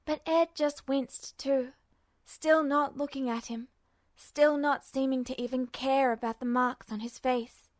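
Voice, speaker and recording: A woman reading a fanfiction story aloud as a podfic, with steady, measured narration. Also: high voice, no room sound. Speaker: podfic reader.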